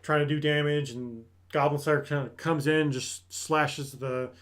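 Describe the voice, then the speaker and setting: A man's voice: a little high, measured pace. Man recapping an anime episode. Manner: animated storytelling that acts out characters' lines. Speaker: anime review host.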